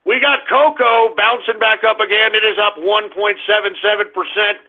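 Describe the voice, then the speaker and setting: Male radio host, crude, mocking, ranting market rundown, fairly high voice, thin phone-like sound. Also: fairly even intonation, moderate pace. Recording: phone-like lo-fi audio.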